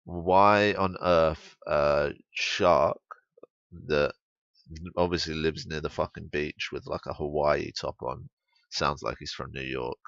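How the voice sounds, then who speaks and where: A man's voice: very deep voice, level tone, a little slow, vocal fry, a bit bright, no echo, muffled recording. A young English man giving blunt, sweary, rambling commentary on a game patch. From England.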